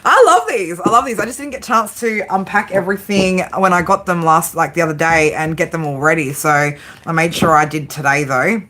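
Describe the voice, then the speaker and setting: A woman's voice: low-pitched, steady tone, a little fast, few pauses, a bit bright. An Australian woman doing a casual tarot reading, chatty and brash, swearing often and giggling. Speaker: tarot reader.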